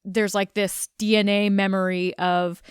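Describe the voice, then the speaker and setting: A woman's voice: medium pitch, flat delivery, measured pace, smooth, dry recording, clean studio sound. A woman co-hosting a horror film podcast in casual chat. She laughs often and swears casually. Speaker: podcast co-host.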